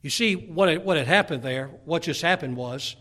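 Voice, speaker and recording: High-voiced man preaching a sermon. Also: normal speed. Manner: swings from loud emphatic preaching to hushed near-whispers; reads scripture verses aloud.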